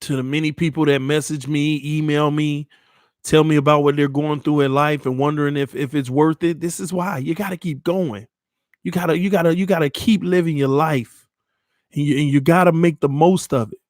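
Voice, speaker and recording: A man's voice: a little high, fairly even intonation, moderate pace, darkish tone, no room sound, clean studio sound. Earnest man urging viewers on. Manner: earnest, repeats phrases, addresses viewers as man and y'all. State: shaken after crying. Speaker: sports channel host. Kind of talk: emotional motivational talk to viewers.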